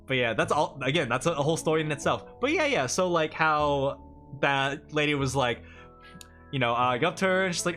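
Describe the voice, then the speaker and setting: A man's voice: a little high, very animated, unhurried, bright, forceful tone, faint music behind. Rambling, chatty male streamer. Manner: rambling, chatty, laughs often. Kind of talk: casual livestream chat.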